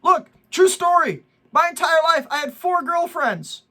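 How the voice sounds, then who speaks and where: The host of this vlog is a middle-aged man with a very high, sharp voice, animated but unhurried. Indignant about people lying for likes, he rants and preaches about social media, tossing in jokey asides.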